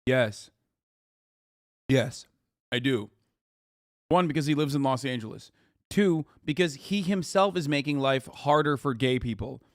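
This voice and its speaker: A man's voice: medium pitch, unhurried, pauses often, dry recording, studio quality. A man streaming, reacting to a clip with blunt, profane, combative commentary. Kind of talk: casual heated commentary.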